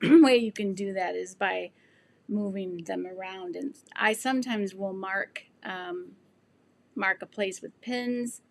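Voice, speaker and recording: A woman's voice: medium pitch, creaky, a little hiss or hum. A woman in her sixties who is losing her voice, hosting a casual sewing livestream, rambling with many ums and restarts while she reads viewer comments. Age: 60s. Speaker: sewing channel host.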